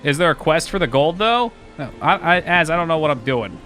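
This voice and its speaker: A man streaming a game live, chatting casually and excitably, joking and swearing often. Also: a little high, brisk, faint music behind.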